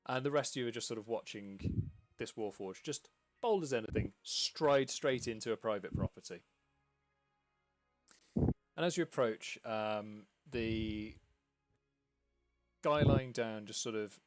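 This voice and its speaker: A man's voice: medium pitch, no room sound. A man from the UK narrating a tabletop game as game master, in a loose, rambling way with many fillers. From United Kingdom.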